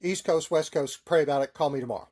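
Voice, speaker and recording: A man putting on a blunt, joking male Navy detailer with a Texas drawl, pitched a little higher and louder than his own voice. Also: quick pace, natural voice. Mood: joshing.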